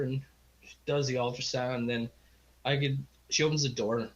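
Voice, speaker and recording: A man's voice: medium pitch, fairly quick, a bit bright. A middle-aged man, a podcast guest, telling a long personal story in a rambling, heartfelt way and acting out the people he quotes. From Canada. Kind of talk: casual storytelling interview. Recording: slightly dull lo-fi audio.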